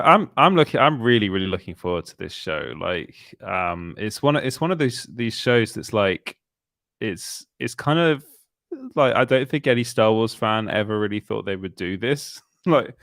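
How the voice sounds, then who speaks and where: A man in his thirties chatting casually as a co-host, rambling and joking with frequent laughs. His voice sits fairly low and the room sounds dry and close. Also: fairly bright tone, no echo. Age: 30s. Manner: jokey, rambling, laughs often. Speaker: podcast co-host. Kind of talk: casual chat.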